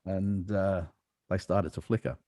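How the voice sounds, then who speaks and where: A man's voice: deep voice, fairly even intonation, a little slow, warm tone, dry recording, clean studio sound. A man hosting a podcast, telling a long anecdote in a casual, rambling way with plenty of fillers. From Western Australia. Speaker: podcast host. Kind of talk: casual storytelling chat.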